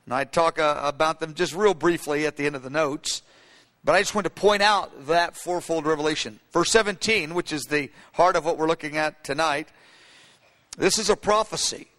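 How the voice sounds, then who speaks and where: A man's voice: on the high side, fairly bright tone. A man preaching a sermon from his notes, speaking emphatically and rising into fervent, repeated cries. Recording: long hall reverb.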